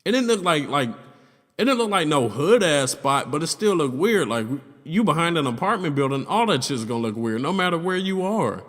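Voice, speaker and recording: A man's voice: on the high side, big pitch swings, fairly quick, a bit bright. A young man telling a story in casual vlog style, loose and profane, full of "like" and "you know what I'm saying". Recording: long reverb in the room.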